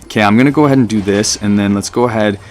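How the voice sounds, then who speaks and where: A man giving casual, excitable live commentary over his own gameplay as a gaming channel host. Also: on the low side, rapid-fire, faint music behind. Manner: casual, chatty, excitable, fillers and "dude".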